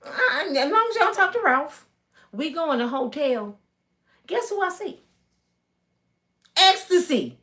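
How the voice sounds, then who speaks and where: A woman's voice: sits high, a little slow, long pauses. A woman in her fifties from Michigan, telling a personal story in a casual, emphatic way. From Michigan, USA. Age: 50s. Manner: animated, emphatic, acts out voices. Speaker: storytelling vlogger.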